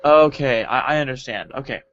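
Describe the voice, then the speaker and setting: A man's voice: mid-range voice, moderate pace, a bit bright, dry recording. A man co-hosting a casual tech podcast, playful and teasing as he reads out poll results. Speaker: podcast co-host. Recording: dull lo-fi dry sound.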